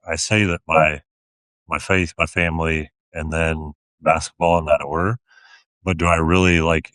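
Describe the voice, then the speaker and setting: Man in his thirties, very deep voice, dry close sound, thoughtful and easygoing. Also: a bit bright, dry recording. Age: 30s. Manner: reflective, plain-spoken, dry humor. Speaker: guest, retired athlete. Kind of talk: casual conversation.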